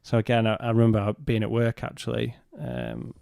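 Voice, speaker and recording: A man, a podcast guest, telling a personal story in a halting way and retelling what was said in his own words. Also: fairly low pitch, big pitch swings, vocal fry, darkish tone, no room sound, clean studio sound.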